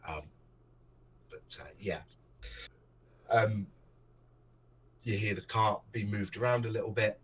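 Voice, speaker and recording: Man, game master, deep voice, rambling narration with fillers, desk microphone. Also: takes it slowly, long pauses, a bit bright, slightly rough, poor audio. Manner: rambling, with many ums and restarts.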